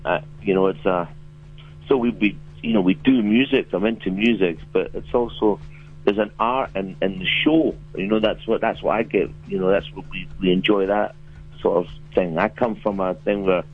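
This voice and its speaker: Deep-voiced Kiwi man on a muffled phone line. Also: moderate pace, breathy edge. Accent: New Zealand. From New Zealand. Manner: laid-back, rambling, many fillers and restarts. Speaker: musician and actor guest. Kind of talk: casual phone interview.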